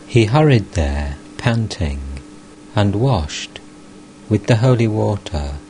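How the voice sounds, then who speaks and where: A man narrating a spiritual text as an audiobook, in a calm and unhurried reading. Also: fairly low pitch, a little hiss or hum, low-quality recording. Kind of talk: scripted narration.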